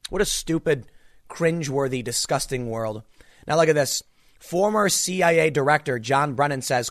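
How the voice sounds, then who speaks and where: A man's voice: on the high side, lively intonation, moderate pace, a bit bright, no room sound, studio quality. A man hosting his own political commentary show, ranting in an exasperated way with frequent restarts and bursts of frustration.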